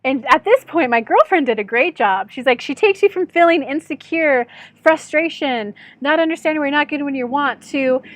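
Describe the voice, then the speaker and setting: A woman with a high voice tells a personal story straight to her viewers, chatty and candid, poking fun at herself. She speaks as an intuitive channel and life coach, recorded dry and close with no room sound. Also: animated, brisk, no echo. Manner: chatty, candid, self-deprecating, often calls viewers "guys". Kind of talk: storytelling vlog addressed to viewers.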